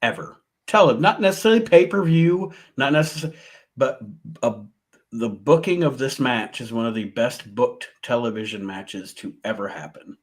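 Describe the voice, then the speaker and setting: A man's voice: medium pitch, animated, moderate pace. A man in casual podcast chat, giving emphatic opinions and laughing often. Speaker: podcast co-host. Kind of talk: casual chat about wrestling.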